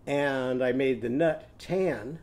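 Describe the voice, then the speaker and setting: A male teacher leads young children through a phonics lesson. He speaks slowly and deliberately, stretching out each letter sound in a sing-song way. His voice sits at an ordinary middle pitch. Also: darkish tone. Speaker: literacy teacher.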